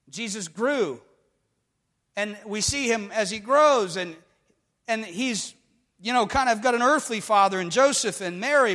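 A man preaching a sermon with emphatic delivery that swings between hushed and loud. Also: high-pitched. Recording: long hall reverb.

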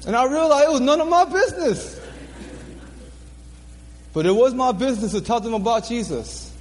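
A man's voice: very high-pitched, lively intonation, normal speed, in a large hall. A man preaching a sermon, telling his own story earnestly, repeating phrases for emphasis and laughing at himself. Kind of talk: sermon testimony.

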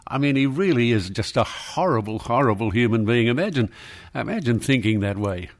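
Combative older Australian radio host. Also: male voice, mid-range voice, expressive, a little fast. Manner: scolding, combative, blunt. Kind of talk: talkback radio argument.

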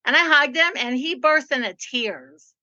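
A woman hosting a casual chat, telling stories in an animated, chatty way. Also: sits high, normal speed, dull audio. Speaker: podcast host.

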